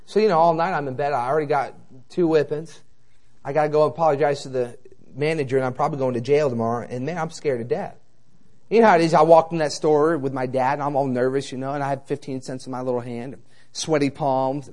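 A man in his thirties, a traveling evangelist, preaching a sermon with animated personal stories and conversational rhetorical asides. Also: medium pitch, fast talker.

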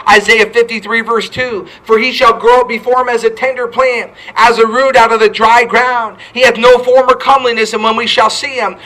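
High-voiced fervent preacher man. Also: a bit bright, low-quality recording. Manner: fervent preaching with repeated "hey" and scripture quotes. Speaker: pastor. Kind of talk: sermon.

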